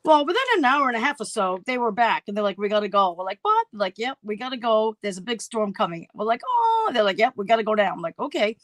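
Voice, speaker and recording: A woman's voice: medium pitch, expressive, fast, hardly any pauses, dry recording. A middle-aged woman telling a story on a casual livestream chat, acting out her own past voices. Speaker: co-host.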